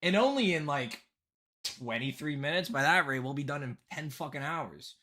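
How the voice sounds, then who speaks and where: A man's voice: fairly high pitch, expressive, normal speed, bright, forceful tone, a little hiss or hum. A young man hosting a casual live stream from his bedroom, rambling and swearing, with frequent laughs and restarts. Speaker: streamer reviewing viewer decks.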